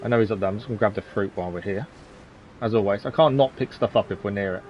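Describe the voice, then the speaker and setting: A man's voice: fairly low pitch, fast talker, dull audio, a little hiss or hum. A man commentating casually on a live game stream, chatty and chuckling often as he answers his chat.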